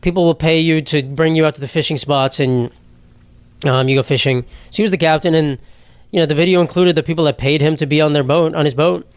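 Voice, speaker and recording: Rambling, sarcastic young comedian, dry close sound. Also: male voice, on the high side, steady tone, quick pace, no room sound. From New York. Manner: rambling, sarcastic, swears freely, laughs at own jokes. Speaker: podcast host, comedian. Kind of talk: solo comedic podcast monologue.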